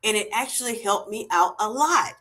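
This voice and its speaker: A middle-aged woman hosting a casual livestream, chatting warmly and thanking viewers by name. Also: medium pitch, animated, normal speed. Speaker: livestream host. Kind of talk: casual livestream chat, reading comments.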